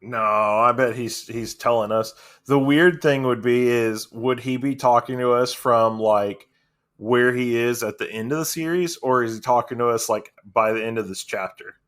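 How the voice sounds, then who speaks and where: A man co-hosts a casual podcast in a relaxed, musing way, laughing easily. His voice sits at an ordinary middle pitch. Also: normal speed. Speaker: podcast co-host. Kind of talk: casual chat about a comic.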